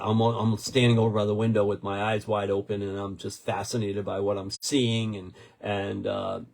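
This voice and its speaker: A man in his sixties, a podcast co-host telling a story in casual chat, rambling and animated with many restarts. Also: fairly low pitch, gravelly. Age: 60s.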